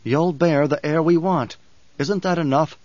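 A man's voice: a little high, unhurried, no room sound, lo-fi sound. A man playing a weary, tender young ruler. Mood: gentle. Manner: quiet, gentle, restrained.

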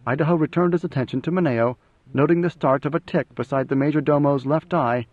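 A man narrating a novel in a steady, even storytelling manner. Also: a little high, a little fast, no echo. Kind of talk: audiobook narration. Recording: dry, slightly dull audio.

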